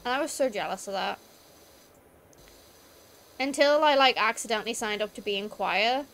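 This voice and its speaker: A woman's voice: on the high side, normal speed, a bit bright. A young British woman streaming a game, rambling through school stories in a chatty way, full of "like" fillers. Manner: rambling storytelling with many "like" fillers. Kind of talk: casual chat while gaming.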